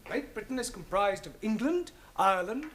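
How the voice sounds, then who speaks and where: An actor playing an exasperated but patient young English teacher in a 1970s studio sitcom. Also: male voice, high voice, lively intonation, moderate pace, a bit bright, a little hiss or hum.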